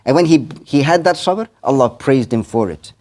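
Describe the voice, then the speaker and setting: A man's voice: mid-range voice, lively intonation, moderate pace, a little mellow. A man, an imam, giving a sermon in the manner of an earnest storyteller, quoting Arabic verses and translating each one.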